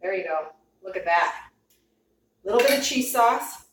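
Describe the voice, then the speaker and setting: Excited woman talking to her viewers while she cooks, kinda roomy and far from the mic, dishes clinking in the background. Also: mid-range voice, a little slow, a little hiss or hum. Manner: bubbly, gushing, talks straight to viewers. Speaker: cooking vlogger. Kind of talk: casual cooking chat to camera. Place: home kitchen. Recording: echoey kitchen, mic at a distance. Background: clinking dishes and cutlery.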